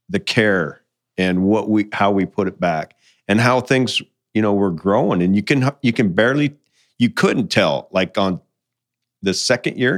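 A man from the mining industry who talks casually and tells folksy stories, quoting other people as he goes. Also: lowish voice. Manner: folksy storyteller, quotes people in conversation. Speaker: mining guest. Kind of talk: casual podcast conversation.

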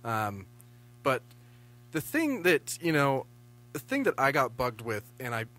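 A man co-hosting a podcast, talking politics in a casual, opinionated and animated way, swearing freely. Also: medium pitch, a little slow. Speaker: podcast co-host.

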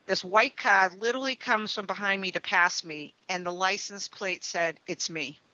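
A middle-aged woman, a trance medium, telling stories in a relaxed interview and often tagging her sentences with "right?" and "you know". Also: mid-range voice, normal speed, no room sound, lo-fi sound. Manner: chatty, leans on "right?" and "you know" tags. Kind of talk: conversational interview storytelling.

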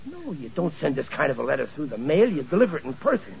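A man's voice: a little high, very animated, fast talker, creaky. An actor playing a blustering, flustered working-class father who talks in bad grammar, in a 1940s radio sitcom with a muffled old broadcast sound. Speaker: sitcom lead.

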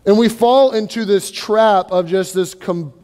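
A man with a notably high voice delivers a sermon in a church sanctuary, his words trailing into a long reverb. He preaches in a relaxed, conversational way, often slipping into playful impressions of people complaining. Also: unhurried, clean tone. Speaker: pastor.

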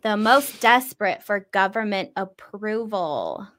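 A woman co-hosting a casual chat podcast, chatty and quick to laugh as she reads out items. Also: medium pitch, animated, a bit bright. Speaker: podcast co-host.

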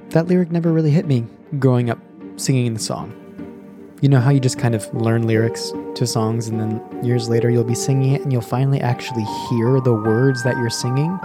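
A man's voice: medium pitch, a little fast, dark tone, slightly rough, no room sound, studio quality, faint music behind. A man with an American accent hosting a podcast in a playful, jokey way, full of puns. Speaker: podcast host.

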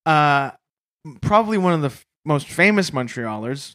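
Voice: mid-range voice, lively intonation, normal speed, fairly bright tone. A comedy podcast co-host bantering with dry, mock-solemn asides.

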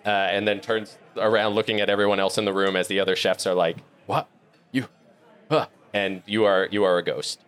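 A man running a tabletop game as game master, narrating in a relaxed, rambling way with fillers. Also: low voice, quick pace, few pauses, clean tone.

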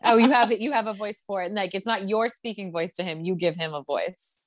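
A woman's voice: medium pitch, fast talker, no room sound. A woman co-hosting a podcast, chatting frankly and casually with lots of fillers. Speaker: podcast co-host. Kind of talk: casual chat about reality TV.

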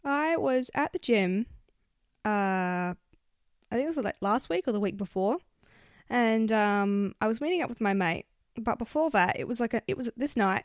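A young woman with an Australian accent telling stories on her solo podcast, swearing freely and getting animated as she vents. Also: a little high, no room sound, studio quality. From South Australia. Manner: swears often, animated when venting. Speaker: podcast host. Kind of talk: casual solo podcast storytelling.

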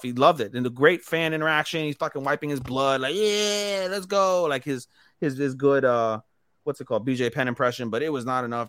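A man's voice: medium pitch, pushed and bright, clean tone, no echo. A young man co-hosting a podcast, casually and profanely running through fight results. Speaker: podcast co-host. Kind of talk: casual chat.

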